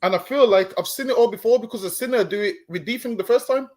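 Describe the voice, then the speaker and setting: A man's voice: very high-pitched, fast talker, a little mellow. A man talking on a stream, preaching and lecturing, often stumbling over repeated words and saying "listen, man.". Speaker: street preacher co-host. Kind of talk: stream discussion.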